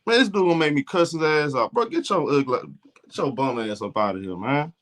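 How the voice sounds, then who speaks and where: Southern man with an Alabama accent, high, bright voice, blunt, profane sports-stream host. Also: animated, fairly quick. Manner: blunt, profane trash talk. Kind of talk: casual live game commentary.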